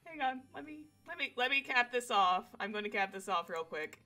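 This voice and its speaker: A young woman streaming a game live from home on a desk mic, excitable, swearing freely and talking to her chat. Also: medium pitch, brisk, soft background music.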